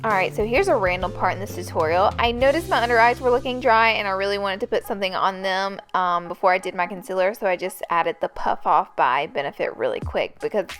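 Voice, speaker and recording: A woman's voice: medium pitch, lively intonation, fast, few pauses, fairly bright tone, faint music behind. A young woman chatting through a casual makeup tutorial, bubbly and gushing as she talks. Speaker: beauty YouTuber.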